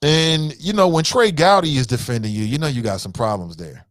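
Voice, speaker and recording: Brisk and fairly high-pitched, a man hosts a news commentary show in a dry recording. Casual and animated, he offers blunt, profane opinions straight to his viewers, whom he calls "fam".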